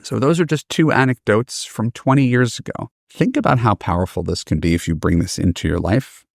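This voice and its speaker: A middle-aged man hosting a podcast, telling stories and giving advice in a lively, casual way and acting out the people he quotes. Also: lowish voice, fairly quick, gravelly, no room sound, clean studio sound. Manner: animated, acts out quoted voices. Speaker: podcast host and dating coach. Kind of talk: casual storytelling advice talk.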